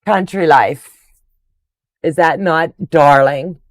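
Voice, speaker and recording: A woman's voice: low-pitched, slow pace, dry recording. An older woman hosting a quilting livestream, chatting casually and gushing affectionately over viewers' comments.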